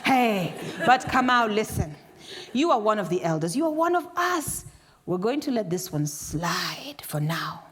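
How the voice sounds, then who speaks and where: A mocking village elder, put on by a woman storyteller, booms orders and teases with a lively, rising voice. The sound hangs in a long hall reverb. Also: normal speed. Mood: commanding. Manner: booming, teasing, commanding.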